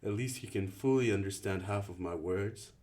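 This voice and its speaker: A man reading an audiobook, voicing a rough, bossy teenage boy who leads a group and talks in gruff slang. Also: lowish voice, moderate pace, close to an everyday voice. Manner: gruff slangy talk, snaps and shouts.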